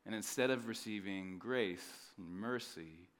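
A man in his thirties preaching a sermon, telling a family story with jokes and swinging between loud emphasis and quiet asides. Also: on the low side, a little slow. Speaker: pastor.

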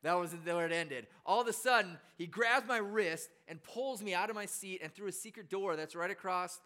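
A man preaching in a relaxed storytelling style, his voice fairly high and very bright. His tone is clean and smooth as he chats along, self-deprecating and full of easy restarts. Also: moderate pace. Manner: chatty and self-deprecating, with frequent fillers and restarts. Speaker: pastor. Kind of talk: casual storytelling sermon.

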